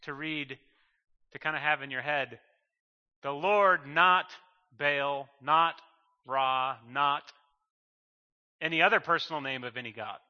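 A man's voice: on the high side, fairly even intonation, a little slow, long pauses. A man preaching a sermon in an emphatic way, repeating phrases and building to fervent bursts. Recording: muffled sound with long hall reverb.

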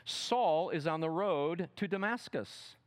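A man teaching a sermon seminar, dramatic, asking the audience questions and swinging from loud emphatic quotes to soft asides. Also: fairly high pitch, animated, slow pace. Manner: asks the audience fill-in questions. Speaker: preacher.

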